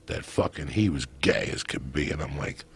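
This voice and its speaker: A man in his fifties from a Cuban family, telling profane, animated stories as a podcast guest. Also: very deep voice, normal speed, breathy edge. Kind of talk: casual storytelling.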